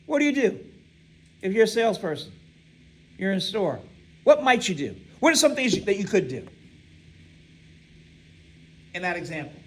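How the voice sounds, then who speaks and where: A man's voice: high-pitched, big pitch swings, normal speed, pauses often, husky, poor audio. A man teaching a lecture class, reading aloud and asking students to fill in missing words, often checking with "right?". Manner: quizzing, reads text aloud and asks students to fill in words. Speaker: instructor.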